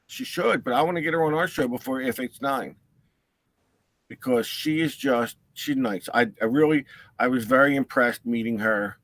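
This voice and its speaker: A man's voice: mid-range voice, normal speed, a bit bright, no echo. A man co-hosting a live hobby talk show, teasing his co-hosts and rambling on in casual banter. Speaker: co-host.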